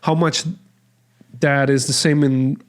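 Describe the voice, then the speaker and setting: A man's voice: medium pitch, little pitch movement, takes it slowly, clean tone. A man from the Netherlands, chatting casually and rambling as a podcast host. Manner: rambling, with many likes and restarts. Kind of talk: casual chat.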